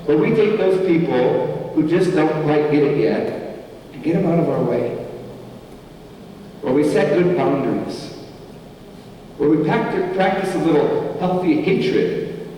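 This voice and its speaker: A man's voice: on the high side, dark tone, recorded from a distance, a little hiss or hum. A man preaching a sermon as pastor, with an emphatic, repeating cadence. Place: church sanctuary. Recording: echoey hall, from afar.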